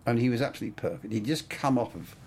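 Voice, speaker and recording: A man's voice: mid-range voice, lively intonation, racing, gravelly, a little mellow, slight background noise. An older man, a cinematographer, telling stories in a casual interview, rambling with plenty of "I mean" and "you know".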